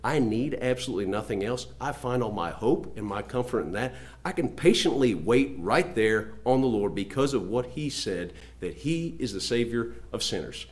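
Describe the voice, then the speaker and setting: Emphatic man preaching a sermon. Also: animated. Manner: emphatic, swinging between loud declarations and low quiet asides; reads scripture aloud slowly.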